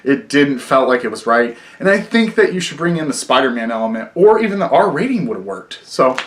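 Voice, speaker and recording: A man's voice: medium pitch, big pitch swings, fairly quick, fairly bright tone, a little hiss or hum. A young man reviewing a film in a casual vlog, rambling with lots of fillers and frequent swearing. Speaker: movie reviewer.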